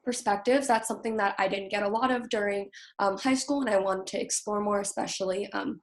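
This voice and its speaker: A woman's voice: medium pitch, quick pace. A young woman student on a video call, answering panel questions with many hesitant fillers. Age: young adult.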